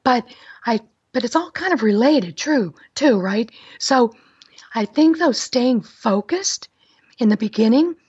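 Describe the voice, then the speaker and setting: A middle-aged woman with a raspy, breathy voice, talking in an upbeat, chatty way as an interview guest. Her pitch sits on the high side, and the dry sound comes through a muffled remote line. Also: expressive, unhurried, darkish tone, no echo. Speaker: guest, wedding planner. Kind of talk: casual interview talk.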